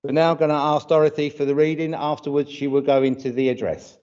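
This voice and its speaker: A church service leader with a British accent speaks fast and flatly in a darkish voice that's a little high. He chats on the livestream and welcomes viewers by name, nose running from hay fever. The audio quality is dull lo-fi.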